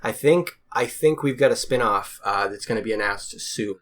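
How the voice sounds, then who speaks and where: A Boston-area man co-hosts a podcast, chatting casually and rambling with plenty of fillers. His voice is fairly low in pitch, a bit bright, and at normal speed.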